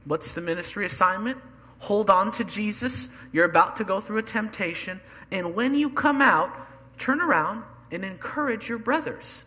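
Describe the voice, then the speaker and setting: Bright-voiced preacher in a reverberant hall. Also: male voice, sits high, normal speed. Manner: earnest, builds emphasis through repetition. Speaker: pastor. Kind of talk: sermon.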